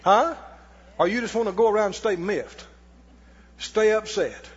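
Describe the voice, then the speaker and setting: A man's voice: high voice, unhurried, slightly rough. A man preaching a sermon as pastor in a church, with folksy turns of phrase and call-and-response with the congregation. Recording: dull lo-fi with long hall reverb.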